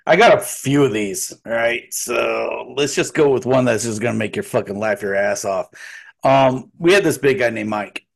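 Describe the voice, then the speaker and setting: Profane, animated man telling a story. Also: medium pitch, normal speed, creaky. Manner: profane, animated, acts out quotes. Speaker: podcast co-host telling a story. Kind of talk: casual storytelling.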